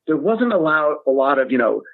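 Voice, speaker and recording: A man in conversation as a guest writer, his voice a touch higher than most and slightly husky. He talks animatedly and stumbles into restarts. The sound comes through a thin, phone-like line with a dry, close feel. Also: brisk, no echo. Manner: animated, restarts often and acts out quoted lines. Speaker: screenwriter guest. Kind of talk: casual podcast discussion. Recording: tinny phone-like remote line.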